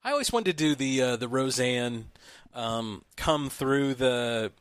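A man chats casually as a podcast co-host, spinning anecdotes and breaking into quoted voices. His pitch sits in the middle for a man. The recording is dry and close. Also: unhurried, clear, resonant tone, no echo. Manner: storytelling, acts out quotes with raised voice. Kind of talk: casual chat.

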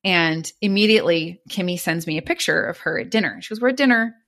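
A young adult woman, a podcast guest, retelling a personal story in an animated way and acting out the dialogue. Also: fairly low pitch, fairly quick, vocal fry.

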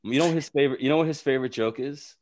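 A man telling stories from a film set in casual chat, profane and animated, acting out what people said. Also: mid-range voice, rapid-fire. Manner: animated, profane, often acts out quotes.

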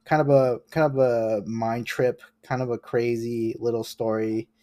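A man's voice: medium pitch, fairly even intonation, a little slow, dark tone, no echo, studio quality. A man in his late twenties, a comic artist guest in casual podcast chat, rambling and self-mocking and often restarting his sentences. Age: late 20s.

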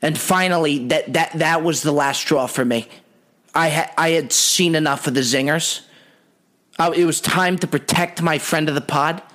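Wry, rambling man telling a story, voice pitched a touch high. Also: moderate pace, a bit bright. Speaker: podcast host. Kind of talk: comedic storytelling monologue.

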